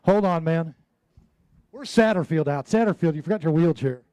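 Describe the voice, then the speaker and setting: A man emceeing a live fishing tournament weigh-in on an outdoor stage, hyped and joking, shouting out the weights. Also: a little high, animated, normal speed. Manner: hyped, jokey, loud call-outs.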